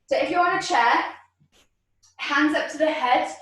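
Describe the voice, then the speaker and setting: A woman's voice: sits high, animated, measured pace, fairly bright tone. A woman leading an online exercise class from home over a video call, encouraging and counting out reps, at times out of breath. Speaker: fitness instructor. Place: room at home. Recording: very echoey room, voice from far off.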